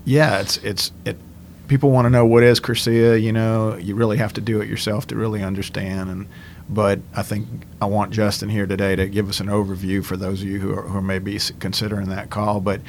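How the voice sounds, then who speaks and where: A man's voice: on the low side, flat delivery, a little fast, a little hiss or hum. A man with a Cajun accent from South Louisiana, interviewing a guest in a friendly, conversational way with frequent laughs and restarts.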